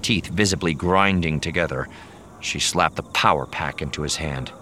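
A man narrating a novel in a measured, storytelling manner. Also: very deep voice, bright, forceful tone, slight background noise. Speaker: audiobook narrator. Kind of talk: scripted narration.

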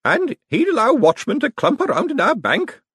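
A man voicing a very small, elderly, prim and quietly ruthless old woman in an audiobook. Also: very high-pitched, wildly swooping pitch, normal speed, breathy edge, dry recording, studio quality, voice pushed up, exaggerated voice. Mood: genteel. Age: older. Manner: fussy, prim, genteel. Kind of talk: audiobook character voice.

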